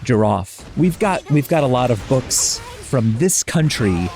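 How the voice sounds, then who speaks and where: A man's voice: medium pitch, big pitch swings, measured pace, darkish tone, faint music behind. A man with a New Zealand accent, co-hosting a podcast in casual, playful chat. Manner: playful, teasing. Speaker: podcast co-host.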